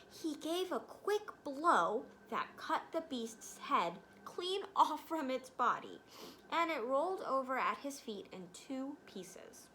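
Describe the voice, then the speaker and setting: A woman reading a storybook aloud with an expressive manner, pausing to explain words. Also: a little high, a little hiss or hum. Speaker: reader.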